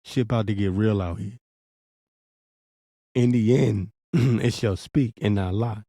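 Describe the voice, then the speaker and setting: A man's voice: lowish voice, unhurried, warm tone, no echo, clean studio sound. A man giving a blunt, profane, urgent warning in a preaching commentary vlog, with frequent restarts. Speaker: religious commentator.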